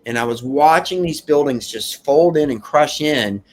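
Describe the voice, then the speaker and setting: A man giving an emotional first-person account of surviving a fire, in an earnest, halting way with many restarts. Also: a little high.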